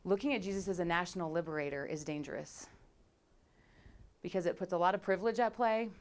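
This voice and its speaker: A woman pastor preaching a conversational sermon to her congregation, animated and playful, acting out scenes with sound effects. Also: on the low side, fast talker. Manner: conversational, direct address to congregation.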